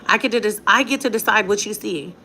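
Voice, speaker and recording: A woman's voice: medium pitch, fast talker, pushed and bright, slight background noise. A young woman talking straight to her viewers in a casual vlog, blunt and defiant, with a lot of slang. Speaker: vlogger.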